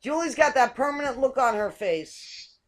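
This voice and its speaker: On a video call, a woman hosts a casual game-show chat, playful and teasing and laughing often. Her high-pitched voice is animated, moving at normal speed.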